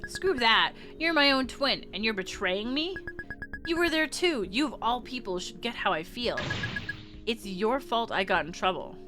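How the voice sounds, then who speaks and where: A woman's voice: a little high, animated, normal speed, close to an everyday voice. A woman reading the part of a hot-tempered, defiant teenage girl aloud from a visual novel, in an angry, blunt manner. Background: game music.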